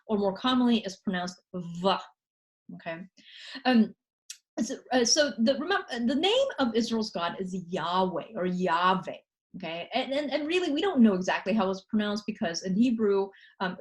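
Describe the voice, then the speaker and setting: Chatty woman lecturer, higher voice. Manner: conversational, frequent "okay?" and "you know" fillers; reads scripture passages aloud quickly. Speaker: university lecturer. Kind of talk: recorded college lecture.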